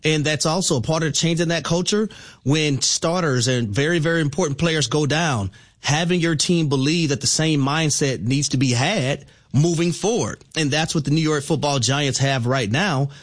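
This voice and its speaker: A man's voice: fairly high pitch, normal speed. A man co-hosting a sports talk radio show, arguing his points emphatically with stats. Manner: emphatic, stat-heavy argument.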